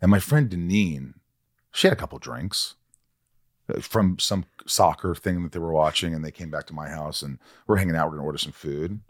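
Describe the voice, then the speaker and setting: A man's voice: rumbling low, a little fast. A man hosting a podcast, chatting casually and telling rambling stories, with the odd swear word. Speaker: podcast host and actor. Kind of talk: casual interview chat.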